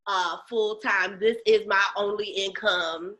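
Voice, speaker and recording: A woman from Chicago telling stories as an interview guest, lively and acting out other people's lines. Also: mid-range voice, slow. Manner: animated storyteller, acts out quoted voices. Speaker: guest, lactation educator and comedian. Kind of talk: casual interview chat.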